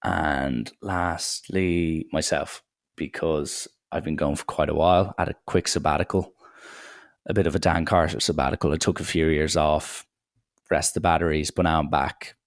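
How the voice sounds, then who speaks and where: A young man talks through a solo podcast episode in a low, gravelly voice. His delivery rambles and stays irreverent, and he swears freely. The sound is dry and close, with little room around it. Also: steady tone, moderate pace, dry recording. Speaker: podcast host.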